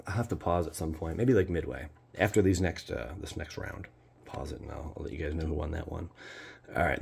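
A man with a low, gravelly voice and a rough, husky edge talks his way through opening card packs. He bursts out loudly one moment and mutters asides under his breath the next, in a loose, casual host's manner. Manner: swings between loud exclamations and low muttering asides. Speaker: card-opening channel host. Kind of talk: casual pack-opening commentary.

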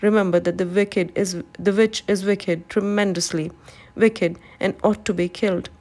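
A woman's voice: medium pitch, steady tone, moderate pace, a little mellow, natural voice. A woman reading aloud, voicing a stern, commanding wizard who appears as a giant head.

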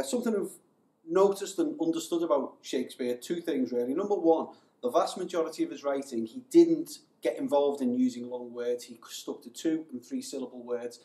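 A man's voice: fairly high pitch, a little mellow, reverberant, distant mic. A man giving a short boxing tip as a coach, talking energetically in short bursts with some fillers and restarts. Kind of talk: short instructional tip to camera.

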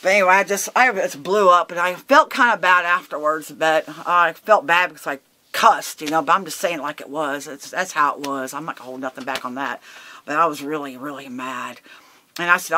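A woman guest in an interview, telling a story in a heated, emphatic way, swearing and loudly acting out what she said. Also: low voice, brisk. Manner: laughs between lines.

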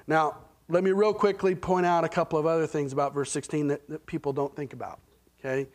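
High-voiced Oklahoman preacher. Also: fairly even intonation, fairly quick. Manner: conversational preaching, frequent "right?" and "okay?" check-ins. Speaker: pastor. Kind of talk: sermon. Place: church sanctuary.

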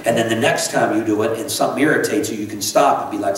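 A middle-aged pastor preaches in a low-leaning voice, speaking fast with hardly any pauses, in a chatty, unpolished style full of restarts and asides. He's recorded from some distance in a very echoey church sanctuary.

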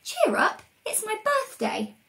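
A woman voicing a cheerful young male friend, bright and coaxing. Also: very high voice, huge pitch swings, slow pace, gravelly, pitched above the performer's own voice, full character voice. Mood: cheery.

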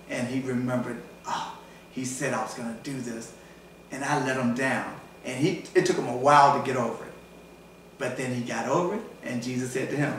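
A man's voice: on the high side, slight background noise. A pastor preaching a sermon in a church, acting out the voices of people in his stories as he goes. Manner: animated preaching, acts out voices in retold stories. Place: church sanctuary. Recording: echoey church hall, voice from far off.

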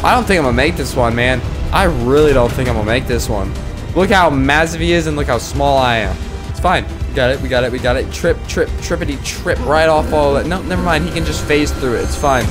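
A man doing let's play commentary, joking, talking to the game's characters and breaking into sudden loud yelps. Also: on the high side, expressive, moderate pace, faint music behind. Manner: joking, talks to the game characters. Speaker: gaming YouTuber.

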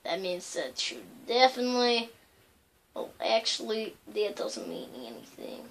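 A woman's voice: a little high, sing-song, measured pace, a little hiss or hum. A woman hosting a casual let's-play of a video game, rambling along with lots of fillers and loose asides. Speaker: gaming channel host.

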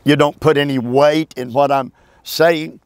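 A man teaching a Bible passage verse by verse, emphatic and preacherly, with halting restarts and calls for amen. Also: on the high side, steady tone, clean tone, dry recording.

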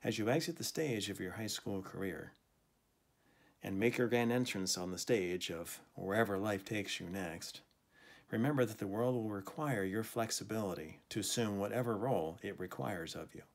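A man teacher delivering a scripted farewell speech to graduating students in a measured, formal way. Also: on the low side, creaky.

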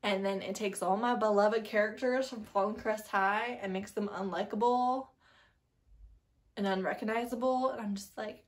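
A woman's voice: medium pitch, fairly even intonation, normal speed. A woman book vlogger in casual chat, rambling and chatty with lots of asides and emphatic bursts.

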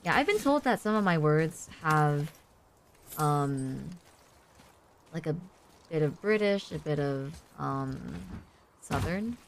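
A woman's voice: low-pitched, lively intonation, slow pace, long pauses, noisy background. A woman streaming a video game, chatting casually and rambling with many fillers as she plays. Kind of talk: casual chat while gaming.

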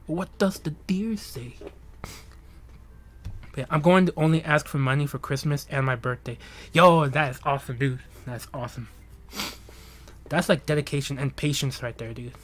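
A man's voice: mid-range voice, steady tone, a bit bright. A young man hosting a livestream, chatting casually and rambling with lots of laughs and jokes. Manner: rambling, joking, laughs often, drawn-out bits. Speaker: livestream host.

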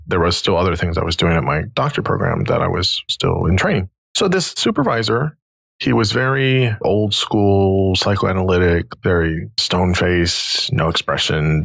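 A man's voice: low-pitched, creaky, dry recording. A man in his forties, a podcast host and therapist, telling a long personal story in casual conversation and acting out the people he quotes. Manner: animated, acts out quoted dialogue.

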